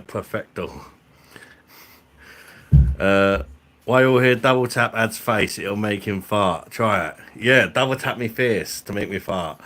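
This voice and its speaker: Sweary streamer, low voice. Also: male voice, fairly bright tone. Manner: blunt, sweary, jokey banter with chat. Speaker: live streamer and beer reviewer. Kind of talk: casual live-stream chat.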